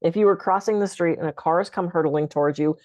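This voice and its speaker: Calm woman guiding a breathing exercise. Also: on the low side, fast, no room sound. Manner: calm, conversational, gently instructive. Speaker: stress management speaker. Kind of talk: guided breathing talk. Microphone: video call.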